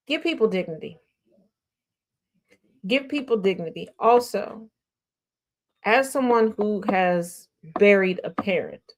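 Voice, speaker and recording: A woman hosting a casual news show and commenting on social media gossip in a sassy, blunt, slang-heavy way. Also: fairly low pitch. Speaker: host.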